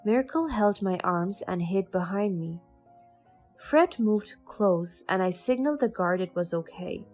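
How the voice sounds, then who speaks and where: A woman narrating a first-person story in an even, measured reading. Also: medium pitch, faint music behind.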